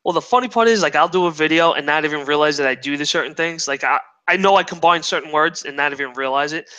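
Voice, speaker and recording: A man's voice: on the high side, fast, pushed and bright, smooth, highs cut off. A young man, a guest chatting casually, rambling and swearing freely. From New York. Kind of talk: casual chat.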